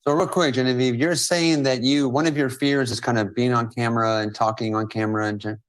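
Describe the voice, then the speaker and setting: A man's voice: mid-range voice, fairly even intonation, brisk. A man hosting a live-stream coaching Q&A over a video call. He is emphatic and repeats phrases for stress. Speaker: host and business coach.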